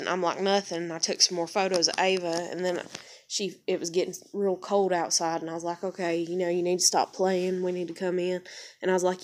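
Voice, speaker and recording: A woman's voice: fairly low pitch, fairly even intonation, a little fast. A young woman, rambling emotionally and swearing as she searches for words in a personal confession. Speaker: vlogger.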